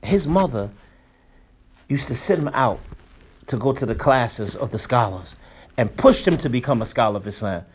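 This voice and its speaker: A man's voice: medium pitch, expressive, moderate pace, long pauses, slightly rough. A man teaching a religious class in an emphatic, colloquial preaching manner. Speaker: Islamic teacher. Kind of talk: religious lesson.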